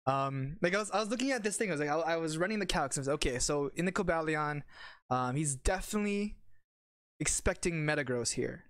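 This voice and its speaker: A young man hosting a casual chat about a competitive match he played, excited and rambling, calling his friend bro and dude. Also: on the high side, fast, no echo. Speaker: channel host and competitive player.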